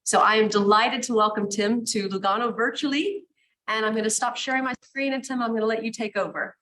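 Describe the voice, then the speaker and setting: A woman's voice: on the high side, fairly even intonation, brisk, fairly bright tone, rough recording. Welcoming woman moderating a conference. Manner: welcoming, enthusiastic. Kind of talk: live conference introduction.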